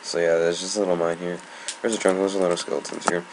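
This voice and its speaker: A man's voice: sits low, little pitch movement, very fast. A young man giving casual, annoyed gameplay commentary, rambling and swearing. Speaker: gamer. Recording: noisy home recording.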